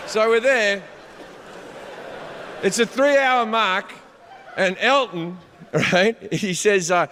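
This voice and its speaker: A man doing profane, animated stand-up storytelling, shouting his punchlines on a large theater stage. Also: sits high, a little hiss or hum. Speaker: stand-up comedian. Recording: live hall reverb, faint crowd ambience.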